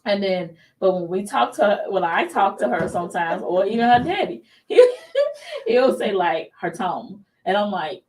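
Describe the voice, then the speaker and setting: A woman's voice: mid-range voice, big pitch swings, moderate pace, a little mellow, far from the mic. A woman hosting a casual talk show, chatty and emphatic, laughing easily. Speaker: show host.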